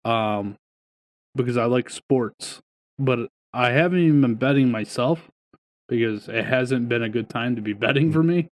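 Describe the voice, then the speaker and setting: A man's voice: medium pitch, moderate pace. A man co-hosting a podcast, talking sports casually from home, swearing freely and telling stories. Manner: swears freely, tells stories with quoted voices. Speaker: podcast co-host. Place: home, streaming over wifi.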